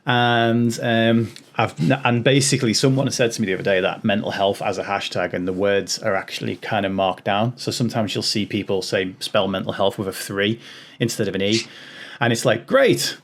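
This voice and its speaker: A man's voice: lowish voice, steady tone, moderate pace. A man hosting a podcast, chatting casually with many restarts and frequent laughs. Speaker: podcast host. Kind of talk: casual chat.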